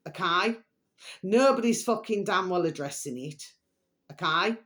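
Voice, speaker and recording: A woman's voice: fairly low pitch, lively intonation, unhurried, long pauses, fairly bright tone. A woman ranting to her viewers in a vlog, swearing heavily and rambling with constant fillers. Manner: swears heavily, keeps calling viewers her delicious little babies; rambling, filler-laden, repeats "okay" and "there we are". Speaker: video blogger.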